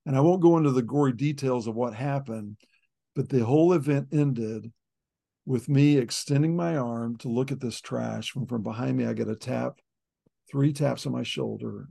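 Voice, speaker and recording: A middle-aged man shares a personal testimony in an interview, earnest and plain-spoken. His voice is deeply gravelly and husky, with a dark, low-lit tone. He circles back and repeats words as he works through hard memories. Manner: earnest storytelling, repeats words when emotional. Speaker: ministry leader, guest.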